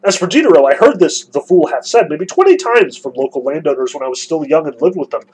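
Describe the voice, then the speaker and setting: A blustering old buffoon of a father rambles through a mock-pious tale and a mock confession, read aloud by a man. The voice is husky and sits fairly high. He sounds theatrical and self-amused. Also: expressive, fast, darkish tone, poor audio. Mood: confessional. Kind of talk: reading aloud from a novel.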